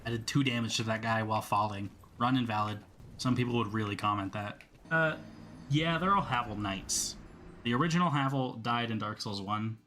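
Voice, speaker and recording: A man's voice: lowish voice, normal speed, sharp tone, slight background noise. A young man giving casual gameplay commentary, rambling, swearing freely and talking back to the enemies he fights. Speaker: gameplay streamer.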